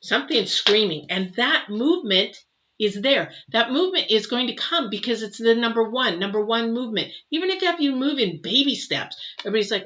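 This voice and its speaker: A middle-aged woman giving a live intuitive tarot reading, emotional and exclamatory, moving between loud bursts and soft murmurs. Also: a little high, very animated, brisk. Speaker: tarot reader. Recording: slightly dull, faint noise.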